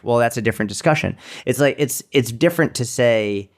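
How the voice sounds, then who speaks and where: A man's voice: on the low side, fairly even intonation, fairly quick, gravelly, hardly any pauses. A man co-hosting a podcast in casual chat, blunt and profane, mocking people with put-on quotes. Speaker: podcast co-host. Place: seminar speaker, fitness business coach.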